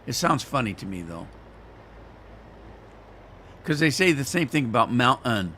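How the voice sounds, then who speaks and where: A man's voice: mid-range voice, sing-song, a little slow, bright, forceful tone, a little hiss or hum. A man hosting a gaming channel, chatting casually and rambling in a folksy way while he plays. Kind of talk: casual let's-play commentary.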